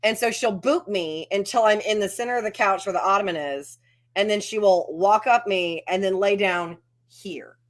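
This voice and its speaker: A woman's voice: mid-range voice, normal speed. A woman chatting casually over a video call, telling stories and acting out what others say. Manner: chatty storyteller who acts out quotes. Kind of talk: casual chat.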